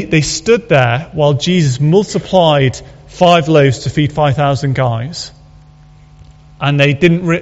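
Man, earnest conversational sermon, slightly high voice, long hall reverb, dull audio. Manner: earnest, conversational preaching with restarts and rhetorical questions. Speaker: pastor.

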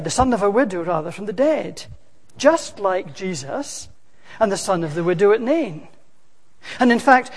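A preacher delivering a sermon in an emphatic way, rising to loud, dramatic quotations. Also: mid-range voice. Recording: long hall reverb.

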